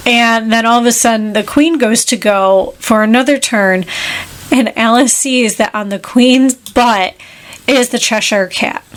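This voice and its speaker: A woman co-hosting a podcast, retelling a film plot in casual chat with animated, quick asides. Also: a little high. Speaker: podcast co-host.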